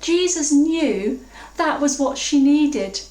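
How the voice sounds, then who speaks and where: A high-voiced woman gives a slow, earnest sermon in a church. Her voice echoes around the room and sits some way off the mic. She is reflective and leans on key words. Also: expressive, a little mellow. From England. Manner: reflective, earnest preaching with slowed emphasis. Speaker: preacher. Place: church hall. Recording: roomy, distant mic.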